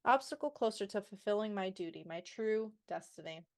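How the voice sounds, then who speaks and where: A woman's voice: mid-range voice, lively intonation, a little fast. A woman co-hosting a book podcast in casual chat, sassy and swearing freely as she mocks the characters and reads passages aloud. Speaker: podcast co-host.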